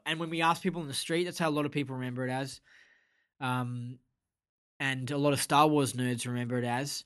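A man talking straight to camera in an animated vlog monologue, full of rhetorical questions. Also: medium pitch, fairly quick. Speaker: vlogger. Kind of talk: excited explainer monologue.

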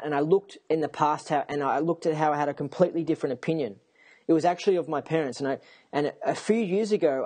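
A man talking to camera in a rambling personal monologue, excitable and often repeating himself. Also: on the high side, breathy edge. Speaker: vlogger.

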